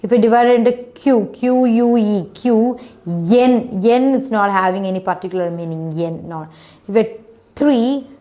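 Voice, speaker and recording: A woman's voice: a little high, normal speed, dark tone. A woman teacher, patiently sounding out words and syllables for children in an online phonics class. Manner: patient, repetitive teacher talk, sounding out letters, frequent "okay".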